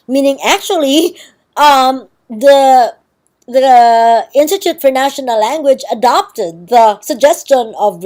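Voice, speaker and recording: A woman's voice: on the high side, a little mellow. Woman lecturing, checking in often. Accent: Filipino. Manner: explanatory, checks understanding with "okay" and "right". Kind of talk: recorded university lecture.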